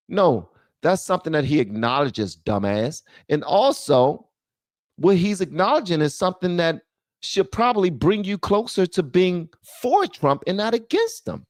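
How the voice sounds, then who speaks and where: A male host of a solo commentary show who rants bluntly and profanely. His pitch swings widely, and the sound is dry and close, with no room echo. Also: very animated, normal speed. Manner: blunt, profane ranting, calling out viewers.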